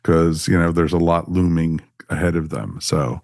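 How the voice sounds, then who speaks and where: A man's voice: low voice, moderate pace, gravelly, a little mellow, dry recording, studio quality. A man hosting a podcast, chatting casually and wrapping up the show with an upbeat, chatty manner. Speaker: podcast host. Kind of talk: casual chat and show outro.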